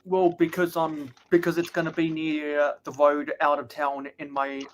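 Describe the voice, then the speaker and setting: A man's voice: on the high side, monotone, normal speed. Chatty young man hosting a livestream. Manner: answers chat questions, chatty. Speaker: livestream host. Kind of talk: casual chat on a livestream.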